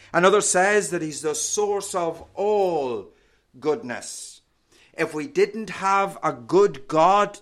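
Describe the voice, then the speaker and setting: A man preaching a sermon, slow and emphatic, letting key words sink low and soft.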